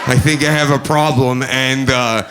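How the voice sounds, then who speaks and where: A man doing stand-up comedy on a club stage, with a halting, nervous delivery full of fillers. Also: mid-range voice, flat delivery, crowd noise, background noise.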